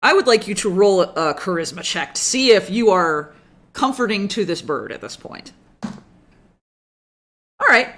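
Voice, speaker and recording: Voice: medium pitch, fairly bright tone. A game master narrating a tabletop game in a casual, meandering way with many fillers.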